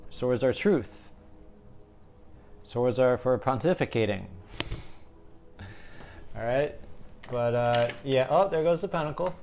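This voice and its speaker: A man's voice: mid-range voice, slow pace, long pauses, darkish tone, a little hiss or hum. A young man giving a casual tarot reading, joking and rambling, often checking in with "right?". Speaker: tarot reader.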